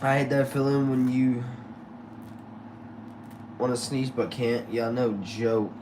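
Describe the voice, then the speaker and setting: Reading chat during a casual live session, this man talks to viewers in easygoing slang, tossing out y'all and bro. He has a mid-range voice with fairly even intonation and a slow pace, and there's background noise.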